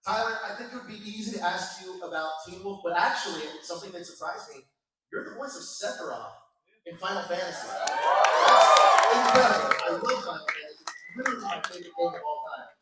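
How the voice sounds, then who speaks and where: A man's voice: sits high, huge pitch swings, brisk, crowd noise. A man moderating a live panel interview at a convention, asking questions as an enthusiastic fan. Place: large convention hall. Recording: echoey hall, taped from far off.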